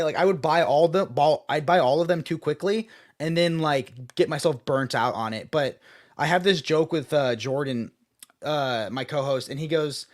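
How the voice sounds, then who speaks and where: A man co-hosting a casual comics talk show, chatty with many fillers and frequent laughs. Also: a little high. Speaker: podcast host. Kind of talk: casual chat about comics.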